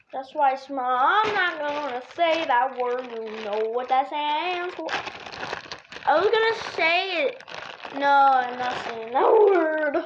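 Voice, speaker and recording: Woman, high voice, unhurried, playful and giggly, casual vlog chat, slightly muffled home recording with faint hiss. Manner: playful, giggly, jokey asides. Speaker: vlogger. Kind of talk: casual rambling chat to camera.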